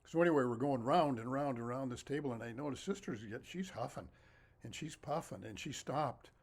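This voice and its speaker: Lively man telling a childhood story. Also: medium pitch, brisk, husky. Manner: lively, animated, laughs often. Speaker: storyteller and author. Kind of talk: casual anecdotal storytelling.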